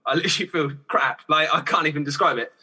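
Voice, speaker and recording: Young man, podcast guest; bright, husky, rambling chatty delivery. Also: a little high, fast. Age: young adult. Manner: chatty, rambling, laughs often, many restarts and fillers. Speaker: guest singer-songwriter. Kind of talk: casual podcast chat.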